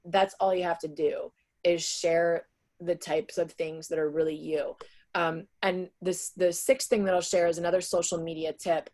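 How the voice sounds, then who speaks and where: A woman's voice: fairly low pitch, a little mellow. Chatty woman presenting on a video call. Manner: chatty, with many "um" and "like" fillers. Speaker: sales trainer presenting to real estate agents. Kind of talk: casual webinar presentation.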